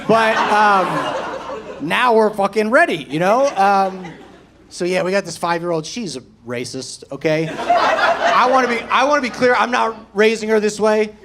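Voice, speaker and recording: A man's voice: high voice, measured pace, very noisy. A man in his thirties performing a brash, profane stand-up set, tagging his lines with a pushy "okay?". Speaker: stand-up comedian. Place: comedy club stage before a laughing audience.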